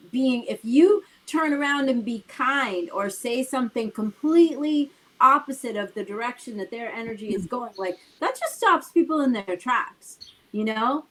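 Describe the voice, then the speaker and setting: A woman with a fairly high voice co-hosts a talk show, giving a casual motivational talk. She explains her points conversationally and hammers them home with rhetorical questions. The audio is poor.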